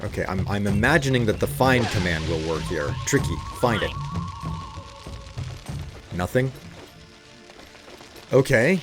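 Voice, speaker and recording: A man chats his way through a game, wry and hesitant, often trailing off. His voice is low but lively in pitch. Game music plays steadily behind him. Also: measured pace, pauses often. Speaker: let's play host. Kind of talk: casual gameplay commentary.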